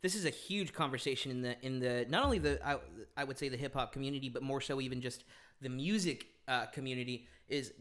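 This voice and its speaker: A young man, a podcast guest, chatting casually, animated, laughing often and restarting his sentences with many ums. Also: medium pitch, fast. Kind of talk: casual chat.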